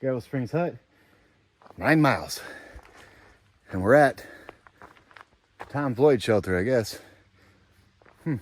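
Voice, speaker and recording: A man's voice: mid-range voice, animated, takes it slowly, long pauses. A man filming himself while hiking on a forest trail, giving an upbeat, chatty casual vlog update and often tossing in "baby". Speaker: thru-hiker vlogger. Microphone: handheld camera, selfie.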